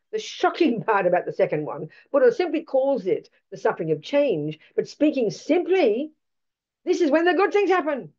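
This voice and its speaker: Delivering a Buddhist teaching, a woman lets her pitch swoop widely to hammer home each point. Her voice is mellow and dark, her style blunt and emphatic with plenty of rhetorical questions, though the recording is dull and lo-fi.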